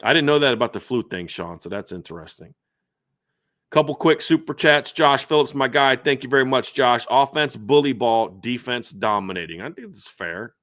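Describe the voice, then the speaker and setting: Animated man hosting a sports talk show. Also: mid-range voice, normal speed, no echo, clean studio sound. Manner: animated, repeats words when starting sentences. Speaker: podcast host. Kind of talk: casual post-game sports talk.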